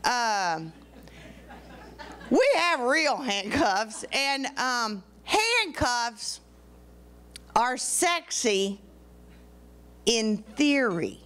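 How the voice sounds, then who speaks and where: A woman with a high voice performs stand-up. She talks in a chatty way, dragging out her words and dropping fillers between lines. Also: very animated, a bit bright, slight background noise. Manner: chatty, drawn-out delivery with fillers. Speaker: stand-up comedian. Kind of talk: stand-up routine.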